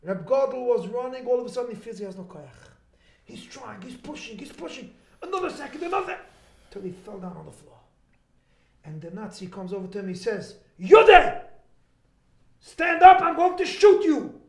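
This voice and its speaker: A man's voice: sits high, very animated, fairly quick, vocal fry, a little mellow, roomy sound. A man tells a story dramatically and fervently and makes a fundraising appeal at a live charity event. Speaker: event speaker.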